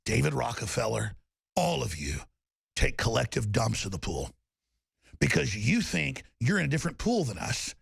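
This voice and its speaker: Gravelly man ranting and shouting. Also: mid-range voice, sing-song, moderate pace. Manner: shouting, profane, combative. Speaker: talk show host. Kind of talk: angry on-air rant.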